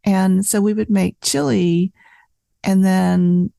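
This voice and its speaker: A woman in her fifties, a cookbook author telling animated food stories in a casual interview, full of "like" and "you know". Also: medium pitch, slow pace, vocal fry, no room sound.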